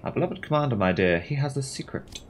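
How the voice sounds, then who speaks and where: Brief: man putting on a prim, secret-loving older lady, sing-song and lively. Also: medium pitch, fast, a little hiss or hum, pitched above the performer's own voice, close to an everyday voice. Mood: sly. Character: gossipy, sly genteel older woman.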